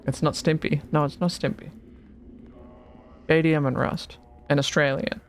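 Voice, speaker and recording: A man streaming a game, chatting casually, excitable, swearing and laughing often. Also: a little high, unhurried, gravelly. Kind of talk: casual gaming chat. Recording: faint music behind.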